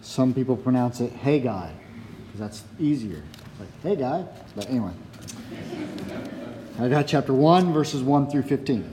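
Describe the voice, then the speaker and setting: A man's voice: medium pitch, a little slow, long pauses, noisy background. A man preaching a sermon who reads scripture aloud, prays, then preaches. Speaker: pastor.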